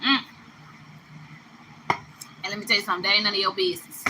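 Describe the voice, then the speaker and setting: A woman's voice: medium pitch, fairly even intonation, fast, long pauses, noisy background. A woman giving a spiritual tarot reading, talking emphatically to the listener, repeating phrases and laughing between them. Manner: addresses listener affectionately. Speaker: tarot card reader.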